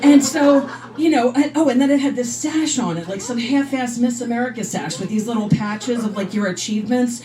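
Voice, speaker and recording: A woman comedian tells her story with energetic, animated stand-up delivery. Her voice sits fairly high. It sounds a little back from the mic. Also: a little fast, recorded from a distance, faint music behind.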